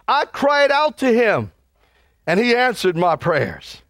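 Pastor, male, high-pitched and fervent, delivering a sermon, dry recording. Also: wildly swooping pitch, takes it slowly, fairly bright tone, dry recording. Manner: fervent, urging the congregation.

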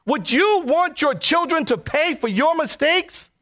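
Slow, high-voiced impassioned preacher man. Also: lively intonation. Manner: impassioned and pleading, swinging between loud and soft. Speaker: pastor. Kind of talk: sermon. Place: church before a congregation.

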